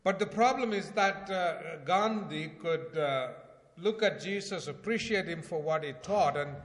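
A man preaching a sermon in a conversational way, asking rhetorical questions and swinging between loud emphasis and quiet asides. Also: fairly high pitch, measured pace. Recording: long hall reverb.

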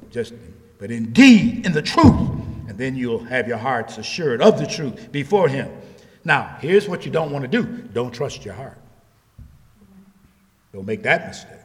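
A man preaching an animated sermon, swinging from low quiet asides to high shouted lines and acting out quoted voices. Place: church. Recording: long hall reverb.

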